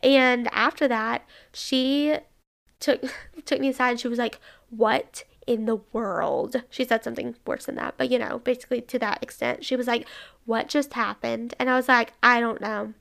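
A young woman casually telling a personal story, chatty and animated, acting out what people said. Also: fairly high pitch, moderate pace, vocal fry. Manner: chatty, animated, lots of "like" and quoted dialogue.

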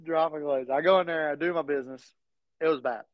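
A man's voice: fairly high pitch, fast, no room sound. A man telling a story as a podcast co-host, often laughing as he talks. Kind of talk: casual storytelling chat. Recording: dull lo-fi sound.

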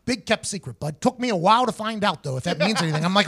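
A man's voice: high-pitched, fast, gravelly, few pauses. A man hosting a podcast, telling a story casually, acting out the other people's voices and swearing freely. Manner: animated, acts out others' voices in his stories, swears freely. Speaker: podcast host.

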